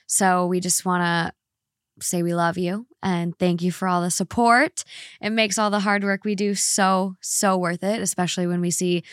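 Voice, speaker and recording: A woman's voice: fairly low pitch, steady tone, moderate pace, clear, resonant tone, no room sound, clean studio sound. A woman co-hosting a podcast in casual chat, upbeat and thankful to listeners. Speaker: podcast co-host.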